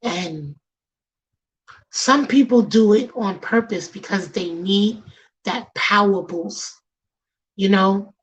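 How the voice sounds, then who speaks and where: A woman's voice: medium pitch, slow, pauses often, lo-fi sound. A woman from the Bronx with a New York accent, hosting a talk show in an emphatic, sermon-like way, slangy and direct with her listeners. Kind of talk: preachy talk-show monologue.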